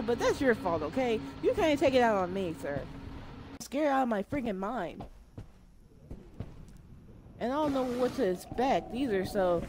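A woman's voice: a little high, animated, unhurried, pauses often, background noise. A young woman streaming a horror game, chatty and jumpy, talking to the game and to her viewers. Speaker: gamer streamer. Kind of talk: let's-play commentary.

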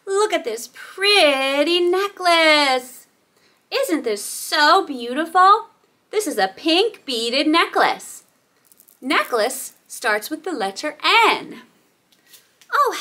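A woman hosting a toddler phonics lesson, drawing out letter sounds in a slow, sing-song way. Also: high voice, pushed and bright. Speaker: children's teacher and host.

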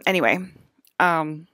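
A woman's voice: on the low side, big pitch swings, slow pace, no room sound, clean studio sound. A woman talking to her viewers in a long rambling monologue, packing her speech with "like" and laughing often, seated at a table indoors. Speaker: vlogger.

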